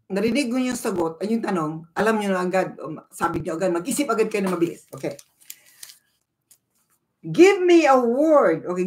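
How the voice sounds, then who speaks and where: A woman's voice: medium pitch, rough recording. A woman from the Philippines with a Filipino accent, hosting a casual live stream, chatty and switching between Tagalog and English while greeting viewers by name. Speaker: livestream host.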